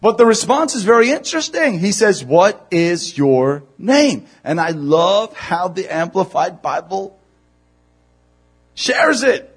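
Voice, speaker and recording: A male pastor delivers a sermon in a high, husky voice with very lively pitch. He drops to hushed, low stretches and then climbs to near-shouted emphasis. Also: measured pace. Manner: animated, swings from hushed to shouting.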